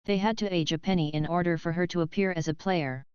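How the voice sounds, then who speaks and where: A woman streamer talks to her chat in a loose, offhand way, swearing casually. Her voice is very clean and smooth and a little low, recorded dry and close with slightly dull, lo-fi sound. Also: steady tone, fast, darkish tone, no echo. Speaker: livestreamer.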